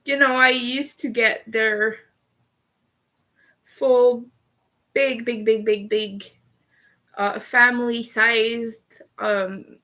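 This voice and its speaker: A young woman chatting casually on a livestream, giggly, with occasional vocal fry. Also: fairly high pitch, steady tone, very slow, long pauses, bright, forceful tone. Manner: chatty and giggly, laughs often. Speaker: streamer.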